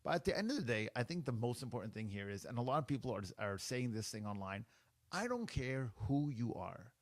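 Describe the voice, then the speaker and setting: A man's voice: mid-range voice, expressive, quick pace, no echo. A man in his forties from Canada, hosting a podcast and giving an opinionated monologue, stressing and repeating his points as he speaks straight to the listener. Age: 40s. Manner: emphatic, repeats points, addresses listeners directly. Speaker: podcast host.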